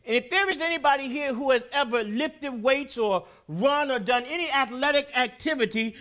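A man preaching a sermon as pastor in a church, building to loud, shouted peaks. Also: extremely high pitch. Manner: preaching with rising, shouted peaks and call-and-response. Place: church sanctuary.

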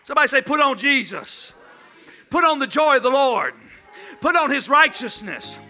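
Man, pastor, very high voice, bright and piercing, lively church sermon with shouts. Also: moderate pace, soft background music. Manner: humorous, preaching with shouts and call-and-response.

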